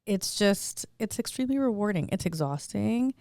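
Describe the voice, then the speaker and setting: A woman's voice: mid-range voice, lively intonation, normal speed, a little mellow, no room sound, studio quality. A young woman hosting a podcast, telling a personal story in a candid, chatty way. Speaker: podcast host. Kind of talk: casual chat.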